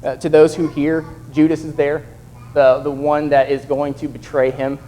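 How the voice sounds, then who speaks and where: A man's voice: on the high side, little pitch movement, moderate pace, warm tone, soft background music, rough recording. A young man preaching a sermon in a conversational way, acting out the voices of the people in his examples. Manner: conversational, acts out quoted voices.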